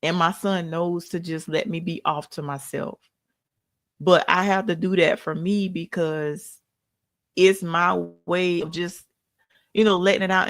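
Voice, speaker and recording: A woman's voice: fairly low pitch, fairly bright tone. A woman hosting a heartfelt talk about grief, emotional and at times close to crying. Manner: tearful, heartfelt, speaks openly about grief. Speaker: host. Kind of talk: emotional tribute conversation.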